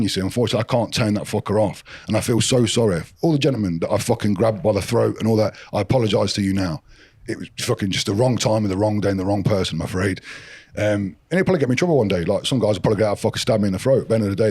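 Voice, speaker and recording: A middle-aged man appears as a guest on a casual podcast, telling blunt, forceful stories packed with swearing. His voice is on the low side with a breathy edge.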